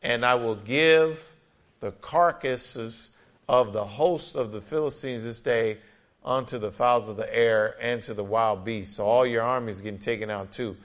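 A man's voice: mid-range voice, unhurried, fairly bright tone. Man preaching an emphatic sermon. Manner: emphatic preaching with frequent amens and scripture readings. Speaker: pastor.

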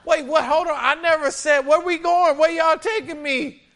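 A man's voice: extremely high pitch, fairly even intonation, moderate pace, fairly bright tone, pitched above the performer's own voice. A preacher putting on a panicky sick man. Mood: panicked. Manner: panicky, protesting. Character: startled sick man carried off on a mat.

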